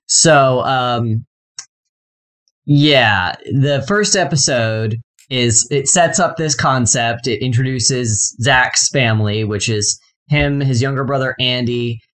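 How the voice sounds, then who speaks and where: Man, mid pitch, podcast host, recapping a show, relaxed, lots of fillers. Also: slow. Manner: relaxed, summarizing, filler-heavy. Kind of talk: casual chat and show recap.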